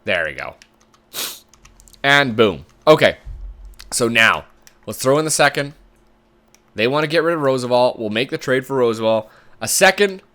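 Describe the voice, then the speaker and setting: A man's voice: medium pitch, fairly bright tone. A man giving casual commentary while playing a sports management game, thinking aloud in a chatty way. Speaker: gamer commentator.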